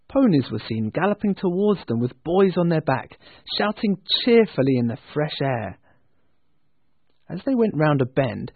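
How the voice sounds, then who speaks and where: A man narrating a storybook with an expressive, lingering delivery. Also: fairly high pitch, slightly rough, dry recording. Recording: tinny phone-like dry sound.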